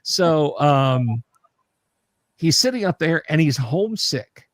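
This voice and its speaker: A man from the American South hosting a casual livestream chat, halting and repeating words as he rambles through stories with joking asides. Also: on the high side, sing-song, no echo, clean studio sound. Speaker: livestream host.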